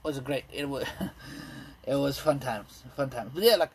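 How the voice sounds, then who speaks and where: A man in his thirties doing a rambling, self-deprecating stand-up set, full of ums and pauses. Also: medium pitch, breathy edge. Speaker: stand-up comedian. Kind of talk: stand-up set streamed live. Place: indoors at home.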